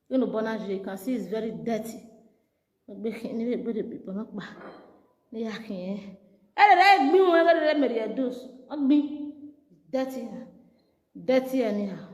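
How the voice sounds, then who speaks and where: A woman's voice: on the high side, darkish tone, roomy sound, big-room sound, dull audio. A Nigerian woman vlogger doing a comic skit monologue in a mock-soothing tone, repeating herself often.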